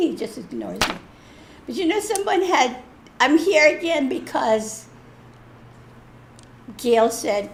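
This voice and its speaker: A woman sharing a personal story at a church service in a lively, self-mocking way. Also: sits high, slow, pauses often, a little hiss or hum. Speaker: church speaker. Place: church hall.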